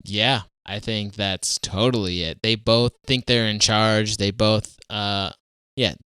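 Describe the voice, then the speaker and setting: A man's voice: fairly low pitch, steady tone, slow pace, pushed and bright, clean tone, no echo, clean studio sound. A man co-hosting a podcast in casual chat, making wry, joking asides. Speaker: podcast co-host.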